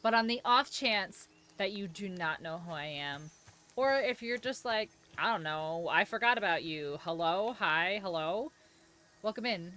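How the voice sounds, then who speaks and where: A woman's voice: medium pitch, a bit bright. A woman live-streaming a game, chatting in a rambling, jokey way and swearing casually as she plays. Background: game music.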